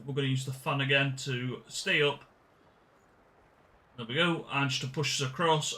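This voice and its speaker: A gaming channel host gives casual, chatty game walkthrough commentary, often correcting himself mid-sentence. His voice is medium-pitched, bright and forceful.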